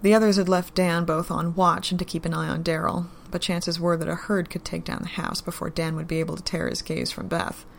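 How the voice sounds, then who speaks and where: Gravelly low-voiced woman narrating a story. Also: brisk, few pauses, a little hiss or hum. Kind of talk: audiobook-style story reading.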